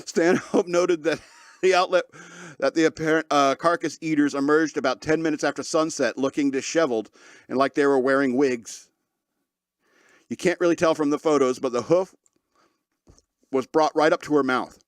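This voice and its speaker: A man's voice: a little high, steady tone, normal speed, long pauses, no room sound, studio quality. A man hosting a podcast, joking sarcastically through news stories and laughing often mid-sentence. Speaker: podcast host. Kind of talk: casual comedic commentary on news.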